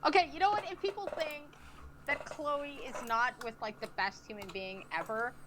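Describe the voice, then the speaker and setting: High-pitched sarcastic woman, noisy mic. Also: sing-song, moderate pace. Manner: sarcastic, swears freely. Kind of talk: casual chat on a game stream.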